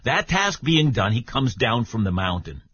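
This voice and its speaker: A man giving a Bible teaching for radio, explaining in a measured way and speaking directly to his listener. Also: mid-range voice, big pitch swings, a bit bright, breathy edge, dry recording, dull audio.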